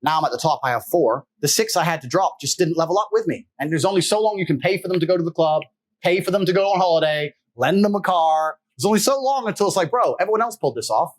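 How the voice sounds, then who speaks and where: A man's voice: on the high side, quick pace. A man talking casually as a podcast guest, brash and profane, boasting and laughing between sentences. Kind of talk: casual storytelling chat.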